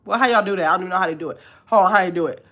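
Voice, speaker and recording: A woman's voice: lowish voice, racing, fairly bright tone. A woman in her fifties with a nasal voice, talking bluntly to her viewers in a casual live stream and reading their comments aloud. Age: 50s. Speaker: vlogger.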